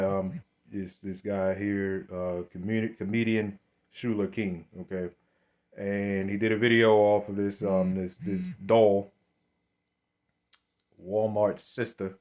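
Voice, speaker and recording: A man giving blunt, confrontational commentary to camera. He often repeats himself, restarts his sentences and keeps calling his listeners "man". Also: on the low side. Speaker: religious commentator.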